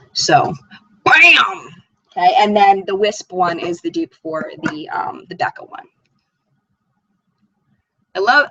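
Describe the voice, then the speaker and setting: A woman's voice: fairly high pitch, sharp tone, no echo, muffled recording. A woman hosting a live makeup chat stream, reading viewer comments aloud and gushing over them. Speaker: beauty channel host.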